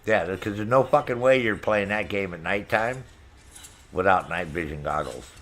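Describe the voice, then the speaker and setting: A man's voice: deep voice, normal speed, fairly bright tone. Middle-aged male game streamer, foul-mouthed and brash, laughs a lot while chatting with viewers. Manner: profane, brash, laughs often. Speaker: gaming streamer. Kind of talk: casual chat with stream viewers.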